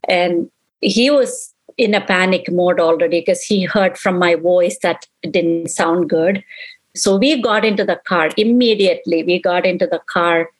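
A middle-aged woman, a mother, giving an earnest, halting personal account in an interview, acting out what others said. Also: on the low side, rough recording. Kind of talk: emotional personal recollection.

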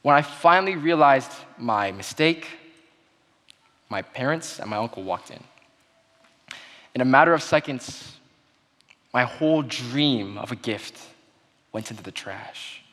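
A young man giving a sermon-style talk, telling a childhood story in an earnest way that goes quiet at the sad moments. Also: mid-range voice, animated, unhurried, long pauses. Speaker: speaker giving a Christmas message. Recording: long hall reverb.

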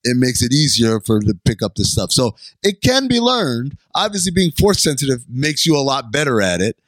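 A man's voice: medium pitch, fairly quick, no room sound. A man co-hosting a podcast, chatting casually and animatedly about an episode. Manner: animated, reenacts lines in funny voices. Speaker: podcast co-host. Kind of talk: casual chat recapping an episode.

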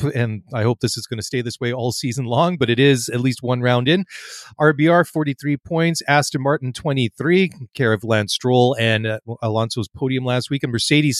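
A man's voice: mid-range voice, dry recording. Male podcast co-host, chatty and rambling, dead-dry recording. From not American. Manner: chatty, many fillers and restarts. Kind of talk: casual podcast chat.

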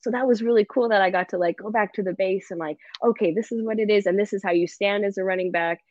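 A woman football coach, a guest chatting in an animated, laughing way and filling her talk with "like". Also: medium pitch, quick pace, no echo. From Canada. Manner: animated and laughing, fills speech with "like". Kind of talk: casual interview chat. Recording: dull lo-fi dry sound.

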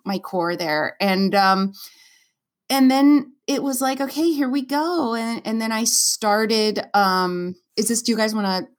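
A woman stage performer speaks as a guest in a relaxed interview. She tells her own story earnestly and openly, emotion close to the surface. Her speech is full of fillers and restarts. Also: mid-range voice, slow. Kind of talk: candid conversational storytelling.

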